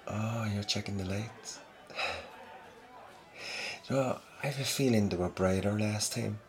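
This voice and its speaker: A young man in a soft-spoken boyfriend role-play, talking to the listener in a gentle, teasing, affectionate way that sometimes sinks into breathy murmurs. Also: lowish voice, unhurried.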